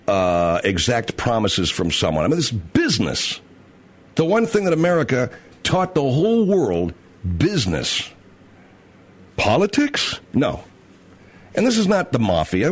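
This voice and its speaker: Animated, blunt-talking male talk host. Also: medium pitch. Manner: blunt and profane, acts out others' voices. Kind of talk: opinionated talk radio rant.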